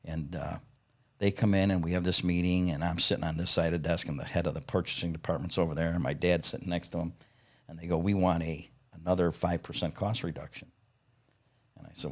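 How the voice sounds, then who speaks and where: A man's voice: low-pitched, steady tone, fast talker, husky. A man in his fifties, a podcast guest telling stories from his working life in a blunt, profane way, acting out quoted dialogue and chuckling between lines. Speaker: podcast guest, parts company founder. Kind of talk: casual anecdotal storytelling.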